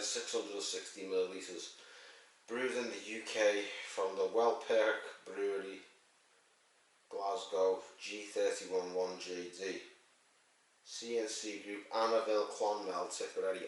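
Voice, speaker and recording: A man's voice: on the low side, steady tone, a little slow, slight background noise. A man reviewing a beer in a rambling, crude and jokey way, swearing as he goes. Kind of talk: casual sweary review monologue. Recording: very echoey room, mic at a distance.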